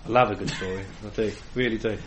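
A man's voice: lowish voice, steady tone, quick pace, echoey room, a little hiss or hum, low-quality recording. A man co-hosting a podcast in casual chat, teasing and laughing playfully. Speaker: podcast co-host.

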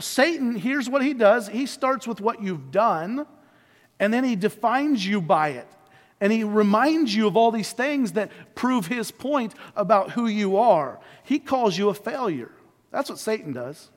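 A man preaching a sermon as pastor, retelling the story with lively acted-out dialogue. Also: sits high. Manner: animated storytelling, voicing biblical figures. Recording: reverberant hall.

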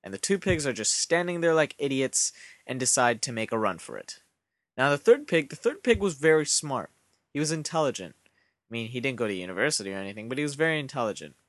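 A man hosting a podcast, telling a comic story in a deadpan way with rambling asides. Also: mid-range voice, fast, dry recording. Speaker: podcast host.

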